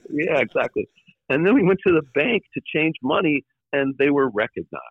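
A man guest in an interview, recalling his years in the record business in a halting way, with many fillers and restarts and the odd wry laugh. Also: on the high side, animated, no echo, narrow, tinny audio. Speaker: former record label executive, guest. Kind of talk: conversational interview storytelling.

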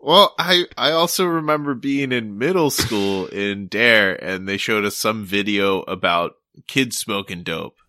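Wry young man with a bright, low voice. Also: unhurried, few pauses, no echo, studio quality. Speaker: podcast co-host. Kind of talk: casual chat.

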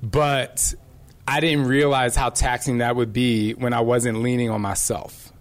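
A middle-aged man shares a raw personal story in a medium-pitched voice. He rambles with fillers and swears now and then, candid and emotional. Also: little pitch movement, measured pace.

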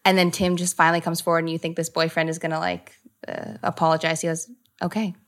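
A woman's voice: deep voice, monotone, fast. A woman in her thirties, a comedic actor, chatting animatedly as an interview guest and laughing often. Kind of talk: casual interview chat.

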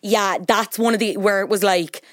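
A woman hosting a podcast, chatting in a quick, gossipy, animated way. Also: medium pitch, dry recording, clean studio sound. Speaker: podcast host. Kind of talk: casual chat.

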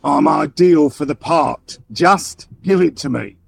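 An actor playing a terse, menacing male stranger who speaks curtly and slowly. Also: fairly high pitch, gravelly, breathy edge, heavily acted. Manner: curt, slow and flat.

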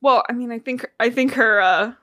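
A woman's voice: on the high side, moderate pace, fairly bright tone, no echo, clean studio sound. A woman with a Midwestern American accent, co-hosting a casual book podcast, chatty and swearing freely. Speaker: podcast co-host.

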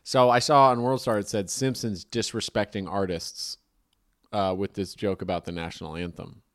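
A man's voice: lowish voice, fairly even intonation, normal speed. A man in casual podcast chat, rambling and joking, with frequent swearing. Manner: rambling, profane, jokey.

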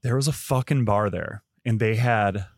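A man's voice: on the low side, moderate pace, dry recording, clean studio sound. Rambling, swearing man in his thirties. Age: 30s. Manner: rambling, swears often, many fillers. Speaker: podcast guest, wine seller. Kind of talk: casual podcast chat.

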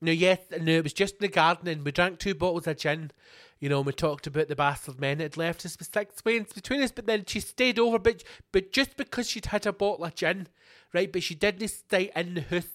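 A man's voice: high-pitched, a little fast, a bit bright. A man with a Scottish accent mimicking a defensive woman who rambles through excuses about breaking lockdown rules. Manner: rambling, defensive, self-justifying.

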